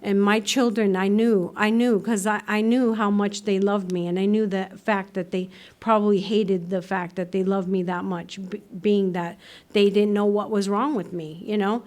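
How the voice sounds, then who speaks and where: A woman speaking at a recovery meeting, telling her story in a lively way, acting out voices and laughing often. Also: medium pitch, normal speed. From United States. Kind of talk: personal recovery talk. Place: meeting room.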